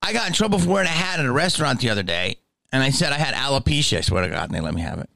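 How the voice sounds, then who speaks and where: A man's voice: mid-range voice, sing-song, rapid-fire, gravelly, bright, forceful tone, dry recording, studio quality. A man hosting a podcast, ranting in a profane, emphatic way and often asking "okay?". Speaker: podcast host. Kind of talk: casual ranting monologue.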